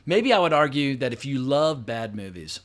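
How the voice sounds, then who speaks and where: A middle-aged man talks through a film review in a loose, casual way. He is blunt and openly sarcastic, and his sentences wander with fillers and quick self-corrections. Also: mid-range voice, sing-song. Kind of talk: casual spoken movie review.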